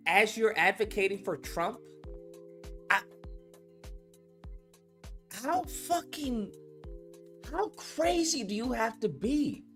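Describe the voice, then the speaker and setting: Dude reacting to a clip, aave, swearing a lot, really lively pitch. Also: male voice, slow pace, long pauses, soft background music. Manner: animated, heavy swearing, mocking impressions. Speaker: host reacting to clips. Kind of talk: profane casual reaction commentary.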